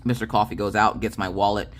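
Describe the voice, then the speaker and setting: A woman's voice: extremely low pitch, fast talker, a little hiss or hum. Woman in her thirties telling a story. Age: 30s. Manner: animated storytelling, frequent "okay?" asides. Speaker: crafting channel host. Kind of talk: casual storytime chat.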